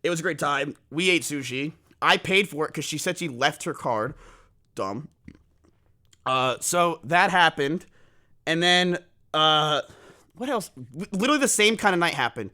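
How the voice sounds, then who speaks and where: Young male streamer, high-pitched, swearing, animated storyteller. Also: unhurried. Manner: animated, swearing, self-mocking. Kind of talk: casual storytelling to stream chat.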